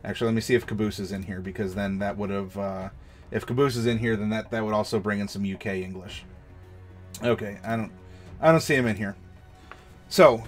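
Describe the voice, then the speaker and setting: An American man, a game master and streamer, giving tabletop storytelling advice in an enthusiastic, demonstrative way. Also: on the low side. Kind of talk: livestream advice chat.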